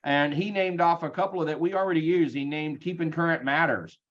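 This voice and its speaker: A man leading a sales team meeting, energetic and chatty, with frequent ums, over a video call. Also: a little high, a little fast, muffled recording. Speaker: real estate team leader.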